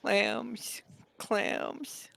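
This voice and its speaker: A man voicing a clingy, two-week-old male baby creature in a tabletop game, with a high, wheedling, pleading voice. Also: level tone, drawn-out words, creaky, crowd noise, full character voice.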